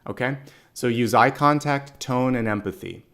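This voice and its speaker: A man giving channeled spiritual guidance in a conversational, gently encouraging way, often correcting himself mid-sentence. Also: medium pitch, normal speed. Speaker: psychic reader.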